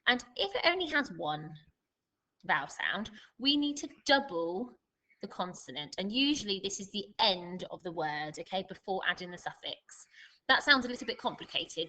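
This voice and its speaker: A woman leads a spelling lesson for young children. Her voice is bright and clear, and she speaks slowly and deliberately, stressing each word. She explains each point patiently, the way a teacher does for small pupils. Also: lowish voice, low-quality recording. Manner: slow, deliberate dictation with clear emphasis. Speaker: primary school teacher.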